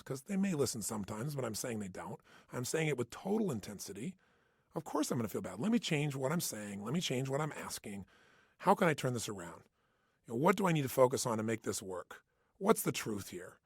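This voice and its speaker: Guy doing a motivational self-help talk, husky voice, swoops up and down a lot, dry close sound. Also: medium pitch, a little mellow, dry recording. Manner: intense, emphatic, punchy repetition. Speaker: motivational speaker.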